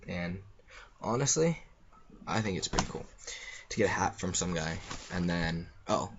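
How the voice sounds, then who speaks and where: A man's voice: sits low, animated, moderate pace, muffled recording, background noise. A young man telling a story in a rambling, offhand way, with lots of fillers. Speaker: vlogger. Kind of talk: casual storytelling.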